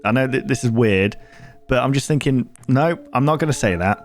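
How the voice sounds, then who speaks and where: A man's voice: mid-range voice, fairly quick, faint music behind. A man hosting a video reaction channel, chatting casually and thinking aloud, often cutting himself off mid-sentence. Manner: rambling, thinking aloud with self-interruptions.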